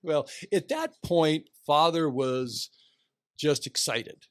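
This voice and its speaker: A man's voice: fairly high pitch, takes it slowly, no echo, clean studio sound. A man in his sixties, an athletic director, telling anecdotes in a casual interview and briefly acting out other people's voices. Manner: animated anecdotes, acts out quoted voices. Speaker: guest, retiring athletic director.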